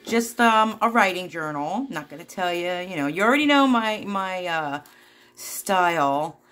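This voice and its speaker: A woman craft vlogger at home, chatting casually to viewers in a giddy, excitable, giggly way. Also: fairly low pitch, a little slow. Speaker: craft vlogger hosting a giveaway.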